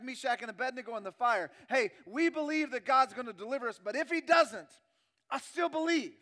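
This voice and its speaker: A male pastor preaching a sermon, moving between loud emphatic passages and hushed, drawn-out phrases, repeating key lines slowly for weight. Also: sits high.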